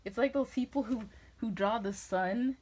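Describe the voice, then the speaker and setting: A woman's voice: on the high side, normal speed, a little mellow, low-quality recording. A woman from New England rambling through tangents in a casual chat. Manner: rambling, jumps between tangents.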